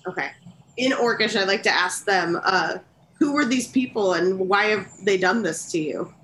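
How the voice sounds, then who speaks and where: A woman's voice: medium pitch, animated, normal speed, fairly bright tone, roomy sound, slight background noise, rough recording. Woman player at a tabletop game.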